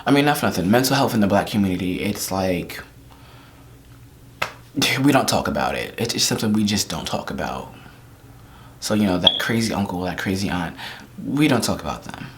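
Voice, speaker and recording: A man talking in a confessional vlog, holding back tears, halting and trailing off into near-whispers. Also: low-pitched, sing-song, a little hiss or hum. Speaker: vlogger. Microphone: camera mic.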